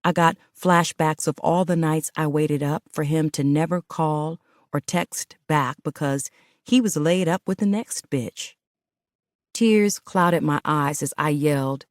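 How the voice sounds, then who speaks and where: A woman's voice: deep voice, dry recording, studio quality. A woman narrating a first-person audiobook with intimate, emotional storytelling.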